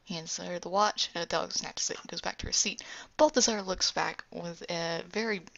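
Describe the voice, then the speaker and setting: A woman casually narrating an animation pitch scene by scene, rambling with asides. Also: normal speed, gravelly, a bit bright. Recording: dull lo-fi recording.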